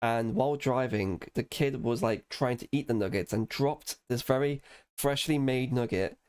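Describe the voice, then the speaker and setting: A man chatting casually on a podcast, swearing freely and telling lively stories with acted-out quotes. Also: mid-range voice, moderate pace, clean tone. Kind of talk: casual chat.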